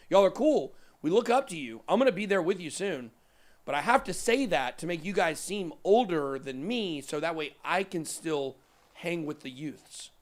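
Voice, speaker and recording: Joking man hosting a crypto chart show. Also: a little high. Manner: joking, rambling, self-deprecating asides. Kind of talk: casual chat over live price charts.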